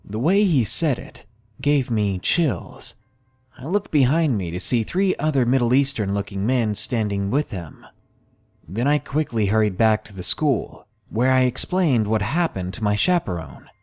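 A man reading submitted first-person scary stories aloud in a steady, measured scripted narration. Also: medium pitch. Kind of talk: scripted horror story narration.

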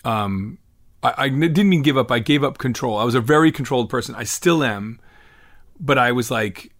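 A middle-aged man musician from the United States, rambling through a conversational interview. He talks in a self-deprecating way and restarts his sentences often. His voice sits at an average pitch. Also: normal speed, a bit bright. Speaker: musician guest.

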